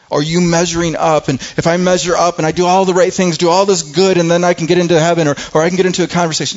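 A pastor whose voice sits on the high side preaches briskly and earnestly in a conversational way, often restarting his phrases. The recording has its highs cut off.

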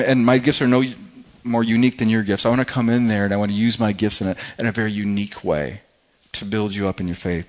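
A man's voice: on the low side, lo-fi sound. A man preaching a sermon as pastor in a church, earnest and often repeating his words as he restarts. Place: church hall with congregation.

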